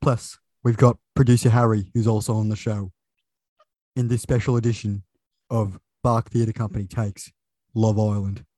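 A man voicing an overexcited male British TV announcer, using a put-on British accent and a loud, booming delivery. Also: flat delivery, moderate pace, no echo, natural voice.

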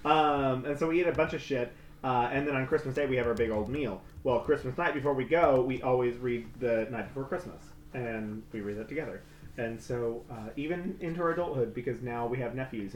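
A man's voice: medium pitch, a little fast, roomy sound, a little hiss or hum. A man in his twenties co-hosting a casual podcast, rambling and laughing often as he tells stories. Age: 20s. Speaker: podcast co-host. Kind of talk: casual chat with ad reads.

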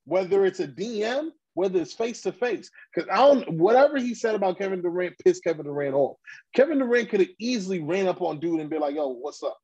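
A man with a fairly high, husky voice hosts a casual podcast chat. He rants bluntly and heatedly in street slang and keeps restarting his sentences. The recording sounds dull and lo-fi. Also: animated, fast, a little mellow. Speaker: podcast host.

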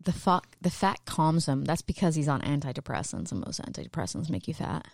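Teasing lower-voiced woman co-host. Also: very animated, a little fast, creaky, dry recording, clean studio sound. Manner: teasing, informative. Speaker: podcast co-host. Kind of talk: casual chat.

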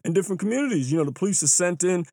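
A man telling stories in a casual monologue, animated and acting out the voices of other people. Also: rapid-fire, dry recording, clean studio sound. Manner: animated, mimics bystanders with exaggerated pitch jumps. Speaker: runner and storyteller. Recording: clear hip hop music behind the voice.

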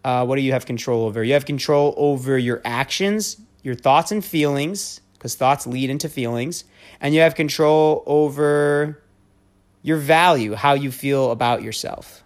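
A man's voice: medium pitch, normal speed. Male podcaster, casual monologue, blunt and preachy, swears freely. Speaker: podcast host.

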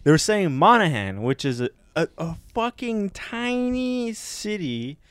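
A man's voice: high-pitched, sing-song, unhurried, fairly bright tone, clean tone, no room sound. A man co-hosting a podcast in loose, casual chat, swearing and laughing freely. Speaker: podcast co-host.

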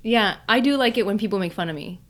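A woman's voice: mid-range voice, fast talker. A woman hosting a casual podcast chat, teasing and playful. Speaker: podcast host, comedian.

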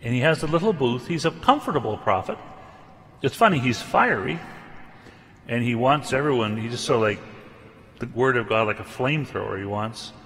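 A man preaching a sermon in an animated, chatty way that comes back to pointed remarks. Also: mid-range voice, moderate pace, long reverb tail.

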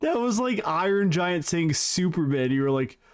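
A man's voice: high-pitched, sing-song, normal speed. A man co-hosting a podcast, reading prepared facts in casual, joking banter with his co-host. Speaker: podcast co-host presenting trivia.

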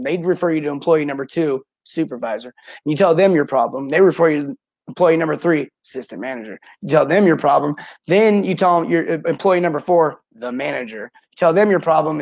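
A middle-aged man hosting a live coaching talk for plumbers, energetic, greeting viewers by name and acting out what customers say. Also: a little high, gravelly. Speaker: podcast host and plumbing sales coach.

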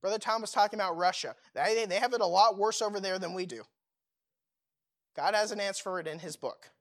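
A man's voice: high voice, brisk, a bit bright. A young man preaching a sermon in a casual, conversational way, full of fillers and rhetorical questions.

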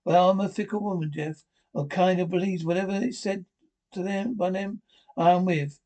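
A woman's voice: fairly low pitch, moderate pace, dark tone, lightly acted. Woman doing a young country gal, earnest drawl, old tv show acting. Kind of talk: 1950s TV drama acting.

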